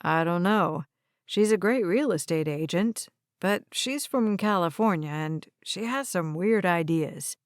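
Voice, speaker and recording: Woman voicing a friendly kinda awkward young guy, lowered voice, dry. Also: lively intonation, measured pace, no room sound.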